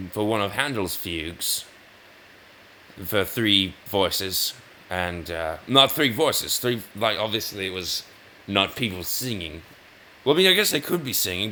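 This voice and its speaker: A man's voice: lowish voice, bright, forceful tone, a little hiss or hum. A man giving rambling commentary over gameplay, often correcting himself mid-sentence. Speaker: gaming video host.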